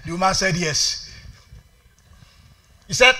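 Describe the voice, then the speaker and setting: A man preaching a sermon as pastor, shouting calls to the congregation and dropping to quiet storytelling. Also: sits high, normal speed, long pauses. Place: church sanctuary.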